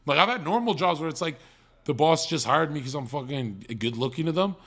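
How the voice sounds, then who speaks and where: A man's voice: a little high, animated, brisk, a bit bright. A young man telling profane stories in casual stream chat, often mocking people in quoted voices.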